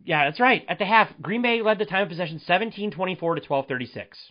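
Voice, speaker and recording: A man's voice: sits high, quick pace, highs cut off. Exasperated man ranting on a podcast. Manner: animated, exasperated ranting with rhetorical questions. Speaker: podcast host. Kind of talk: solo sports commentary podcast.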